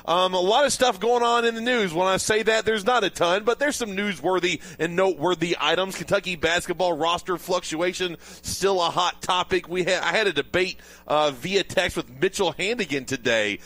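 A man's voice: high-pitched, moderate pace, hardly any pauses, a bit bright. A man hosting a sports radio show, chatting casually and laughing often.

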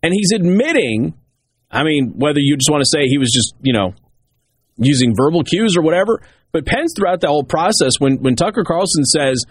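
A man with a slightly raised pitch and a husky edge talks through political commentary as a talk show host. He drives home his points by repeating them, and the sound is dry and close, with no room echo. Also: lively intonation, fairly quick. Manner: emphatic, repeats key points.

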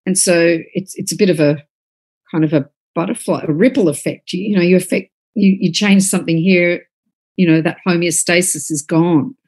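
A woman's voice: fairly low pitch, steady tone, normal speed, a little mellow, breathy edge. A middle-aged woman, an author, talking earnestly on a podcast, often repeating words as she gathers her thoughts. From Australia. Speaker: author and guest. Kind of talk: casual podcast conversation.

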